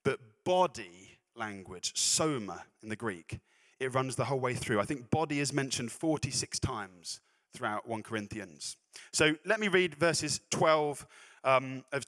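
A man's voice: mid-range voice, fairly bright tone. A man preaching a sermon, chatty and self-deprecating, breaking off into laughing asides. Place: church hall. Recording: echoey hall reverb.

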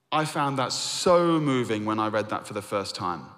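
A man preaching a sermon, earnest, rising to emphatic points and then dropping to hushed, reflective lines. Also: on the low side, animated, normal speed, few pauses. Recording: long hall reverb.

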